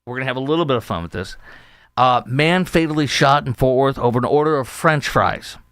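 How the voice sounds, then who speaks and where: A man's voice: medium pitch, fairly quick, clean tone, no room sound. Chatty middle-aged male podcast host. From Chicago area. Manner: chatty, animated storytelling with acted-out quotes. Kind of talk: opinion talk show monologue.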